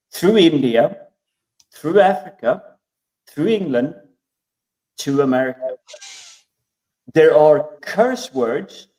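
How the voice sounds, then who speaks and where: Slow, stammering man, distant from the mic. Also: a little high, darkish tone. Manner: hesitant, stammering restarts, enthusiastic storytelling. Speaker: podcast co-host. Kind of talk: casual panel chat.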